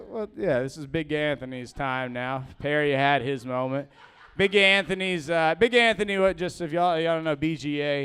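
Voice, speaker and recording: A young man doing a rambling, halting open-mic stand-up set, full of fillers and restarts, laughing at his own jokes. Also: fairly high pitch, a bit bright, clear, resonant tone. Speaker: stand-up comedian.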